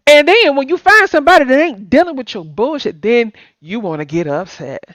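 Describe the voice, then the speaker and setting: A woman's voice: high-pitched, animated, brisk, a bit bright, no room sound. Blunt sleepy woman host. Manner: blunt and emphatic, swearing. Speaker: stream host. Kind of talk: casual live-stream chat.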